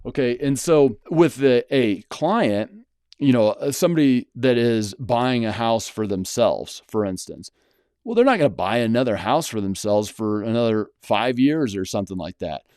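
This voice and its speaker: A man's voice: mid-range voice, lively intonation, moderate pace, darkish tone, smooth, no echo, studio quality. A man hosting his own channel, talking casually and bluntly to the camera, rambling with many fillers and restarts. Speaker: channel host, house flipper. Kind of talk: casual solo talk to camera.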